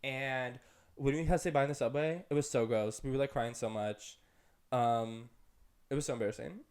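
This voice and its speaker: At a moderate pace, a young man on a podcast chats casually through a long, rambling story, dropping plenty of "like" and "um." His voice is a little mellow, and it shoots high for quoted voices and when he laughs.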